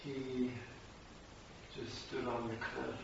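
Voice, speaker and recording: A man speaks slowly and hesitantly, repeating himself as he tells a short story. He sounds far from the mic in a very echoey room. The sound is dull, with a clear hiss behind him. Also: mid-range voice, level tone. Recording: distant, very echoey, dull and hissy room recording.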